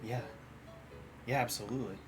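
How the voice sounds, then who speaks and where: A man's voice: mid-range voice, steady tone, moderate pace. A man dropping in on a stream, bantering with dry, teasing remarks. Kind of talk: casual banter. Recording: roomy, with music behind.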